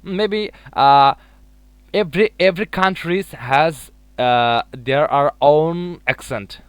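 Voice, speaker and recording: A man's voice: fairly high pitch, takes it slowly, clean tone, no room sound. A man chatting casually in English as a learner, hesitant, with many fillers and frequent laughs. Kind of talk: casual chat in second-language English.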